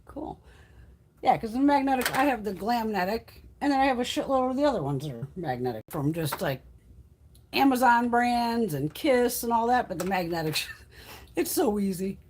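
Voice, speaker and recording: A woman hosting a beauty livestream, chatting casually in a blunt, profane, animated way and laughing often. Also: a little high, normal speed, slight background noise.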